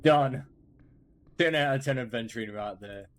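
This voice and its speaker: A man's voice: mid-range voice, moderate pace. A man playing a fantasy game, reading its text aloud and reacting with playful comments. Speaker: gaming streamer. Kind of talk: let's-play narration and reaction.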